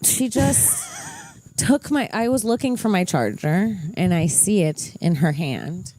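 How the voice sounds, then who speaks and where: A young woman telling family stories in a casual podcast chat. She talks in an animated way, laughs often and swears freely. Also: lowish voice, slow, dry recording.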